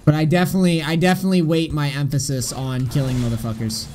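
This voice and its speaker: A man's voice: a little high, fairly even intonation, quick pace, darkish tone, slight background noise. Blunt, exasperated young man coaching. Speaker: game coach. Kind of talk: live-stream coaching commentary.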